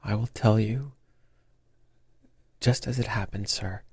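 A man's voice: fairly low pitch, fairly even intonation, slow, vocal fry, darkish tone, husky, no room sound, heavily acted. A cringing young male thief pleads and confesses in a raised, desperate voice, as a man reads him aloud. The sound is dry and close, a storybook reading. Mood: confessing. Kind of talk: audiobook character reading.

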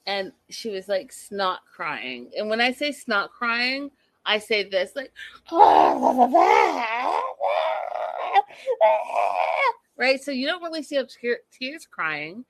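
Woman host, chatty and sassy, bright tense voice, slow unhurried delivery. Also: medium pitch, big pitch swings, no room sound. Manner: chatty, sassy, talks to viewers. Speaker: reality TV recap host. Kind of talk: casual chat recapping an episode.

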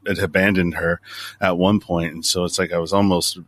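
A male podcast host with a very deep voice, recorded close and dry. He talks in a halting, emotional way. He often restarts his sentences as he reaches for the right words. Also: flat delivery, fairly bright tone, dry recording. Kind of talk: conversational podcast chat.

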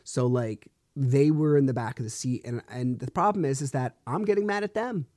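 A man's voice: mid-range voice, moderate pace, a little mellow, no echo, studio quality. Frustrated man venting on a podcast. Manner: frustrated, swearing, rambling with restarts. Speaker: podcast host. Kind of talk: solo podcast storytelling.

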